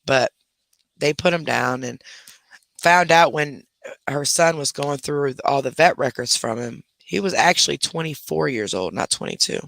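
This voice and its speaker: A man hosting a casual livestream from his bedroom at home, telling stories in an animated way and scolding his dogs in between. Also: on the high side, a little slow, gravelly, no echo. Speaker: livestream host. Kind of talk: casual live chat.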